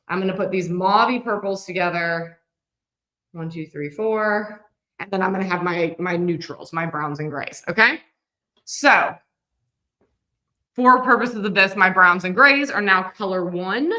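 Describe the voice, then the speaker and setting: Woman in her 30s, livestream quilting teacher, bright voice, chatty and upbeat. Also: mid-range voice, a little slow. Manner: chatty and upbeat, talking viewers through steps. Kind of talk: live-streamed sewing lesson.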